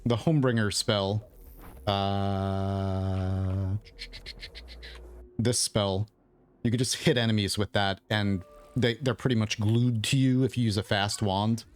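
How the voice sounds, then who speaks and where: A man's voice: lowish voice, steady tone, slow, smooth. A man who is losing his voice, casually thinking aloud as he explains his gameplay as the host of a gaming video.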